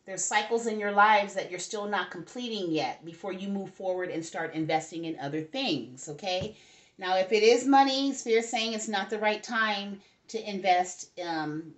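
A woman's voice: lowish voice, moderate pace. A woman giving a casual tarot reading to her viewers, chatty and asking "okay?" over and over. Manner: chatty, talks to spirits and viewers, frequent "okay?". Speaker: tarot reader.

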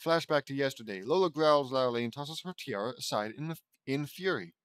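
A man's voice: medium pitch, expressive, moderate pace, a bit bright, clean tone, dry recording. A man reading a fan fiction story aloud, stumbling over words and breaking off for joking asides. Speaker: audiobook reader.

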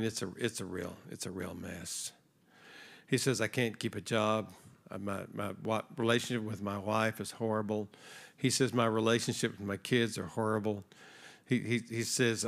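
A man's voice: lowish voice, gravelly. A man preaching a sermon in a conversational way, telling a story and acting out the voices in it. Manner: conversational, acts out dialogue in his stories. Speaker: guest preacher. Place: church stage before a congregation.

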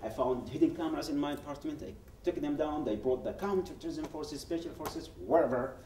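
A man's voice: fairly high pitch, a little fast, slight background noise. Man telling his story in a roomy hall. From Yemen. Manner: animated, acts out quoted dialogue, frequent restarts. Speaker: guest speaker at a public event. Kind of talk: personal testimony told as a story. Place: event hall. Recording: roomy hall, speaker far from mic.

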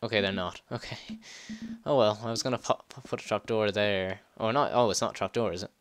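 A man giving casual gameplay commentary, excitable, swearing and laughing as he plays. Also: lowish voice, no echo. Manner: excitable, swears and laughs, quick yelps when startled. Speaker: let's play gamer.

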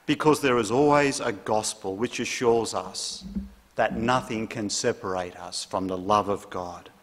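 Aussie pastor preaching, slow and earnest, long echo of a church hall. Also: male voice, medium pitch. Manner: earnest, measured preaching with emphatic pauses. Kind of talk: sermon.

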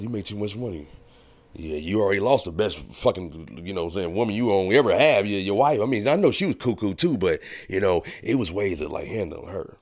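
Man host, low voice, rambling profane commentary with laughs. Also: animated, fairly quick. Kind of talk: casual commentary vlog.

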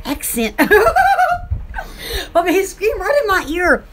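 A woman from Alabama with a Southern accent, rambling excitedly in a casual vlog for her online shop. She giggles often and fills her talk with "oh" and "um". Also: extremely high pitch, slow, background noise. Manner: giggly, excitable, lots of "oh" and fillers.

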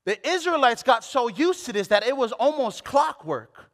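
A man's voice: very high voice, animated, normal speed, big-room sound. A man preaching a sermon, candid and self-deprecating, often repeating phrases for emphasis. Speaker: pastor.

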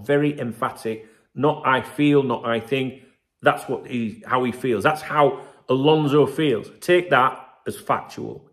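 Casting note: male football host, chatty and emphatic, mid-pitched. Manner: chatty, emphatic, keeps asking "right?", swears. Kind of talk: casual commentary to camera.

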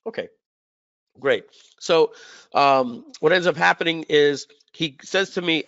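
A man's voice: on the high side, a little slow, vocal fry, pauses often, fairly bright tone, dry recording. A man hosting a webinar, telling a sales story in a casual, rambling way with lots of fillers and repeated words. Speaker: webinar host. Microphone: webinar call mic. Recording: slightly dull lo-fi audio.

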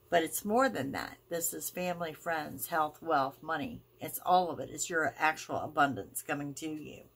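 A woman's voice: deep voice, a bit bright, slightly rough. A woman giving a weekly tarot reading as host, talking the viewer through each card in a reassuring, emphatic way. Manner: reassuring, emphatic, drawn-out phrasing. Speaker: tarot reader.

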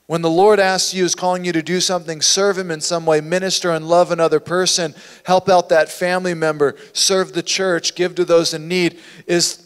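A male pastor preaches with passion, his fairly high voice dropping to a hush and then rising loud. A long reverb from the church hall trails behind every phrase. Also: fairly even intonation, moderate pace, smooth. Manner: impassioned preaching, swinging from hushed to loud. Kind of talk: sermon. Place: church sanctuary.

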